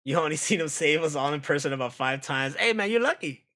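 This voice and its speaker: A man's voice: a little high, expressive, fast talker, fairly bright tone. An American man streaming, chatting casually and profanely while reacting to videos, often laughing. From United States.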